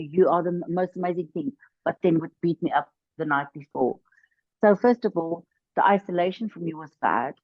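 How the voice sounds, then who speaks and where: A woman's voice: deep voice, no echo, phone-quality sound. A woman, a guest on an interview show, earnestly recounting her own experience and repeating words for emphasis. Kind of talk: personal testimony in conversation.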